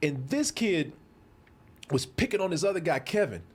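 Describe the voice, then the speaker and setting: Middle-aged dude from texas telling wild stories, pitch all over, voice sits a bit high. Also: male voice, normal speed, slightly rough. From Waco, Texas. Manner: animated, acts out voices in his stories, laughs often. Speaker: host. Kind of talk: casual storytelling chat.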